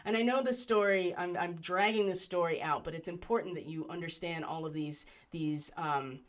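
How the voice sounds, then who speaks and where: A woman telling a personal story in a conversational way, often checking in with "right?" and pausing with fillers. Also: fairly low pitch. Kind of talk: personal story told to camera.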